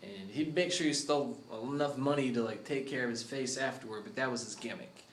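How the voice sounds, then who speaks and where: Rambling, profane man pitching a story. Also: brisk, roomy sound, slight background noise. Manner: rambling, profane, laughs often. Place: studio.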